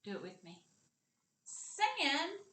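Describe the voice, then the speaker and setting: A woman with a Southern US accent teaching a kindergarten reading lesson, repeating words slowly and clearly for young children. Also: mid-range voice, big pitch swings, a bit bright. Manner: slow, sing-song, repeats words for children.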